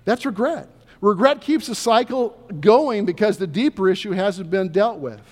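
A man with a high voice preaching a sermon. His delivery is earnest, and he acts out prayers and God's replies in quoted voices. His voice rings with the long reverb of a church sanctuary. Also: moderate pace, darkish tone. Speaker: pastor.

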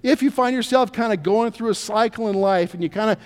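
A pastor with a high-pitched, clean-toned voice preaches briskly and earnestly to a congregation, performing prayers and God's answers in quoted voices. The long reverb of the church sanctuary trails behind his words.

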